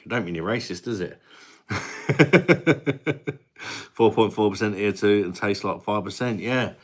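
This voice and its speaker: A man's voice: low-pitched, a bit bright. A British man hosting a casual live stream, bantering with chat, laughing often and swearing casually. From Britain. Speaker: live-stream beer reviewer.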